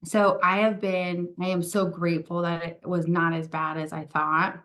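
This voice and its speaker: A woman sits in as a podcast guest, telling her story in relaxed conversation. Her voice sits low and stays level in tone. She thinks aloud, hedging with fillers and quoting her own inner talk. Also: moderate pace. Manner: candid, reflective, many fillers and acted-out quotes. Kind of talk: casual interview chat.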